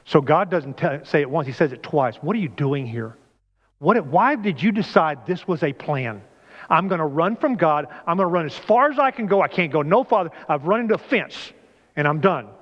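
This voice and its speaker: A man's voice: fairly high pitch, expressive, brisk, fairly bright tone. A man preaching a conversational sermon in a church, often asking the congregation questions. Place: church sanctuary. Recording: dull lo-fi church recording with long reverb.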